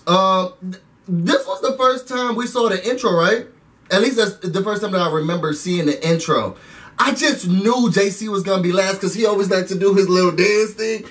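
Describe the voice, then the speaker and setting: A high-pitched man rants casually through a reality TV recap. He is animated and keeps calling his viewers y'all. His voice sits a little back from the microphone. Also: moderate pace, far from the mic. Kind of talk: casual recap rant to camera.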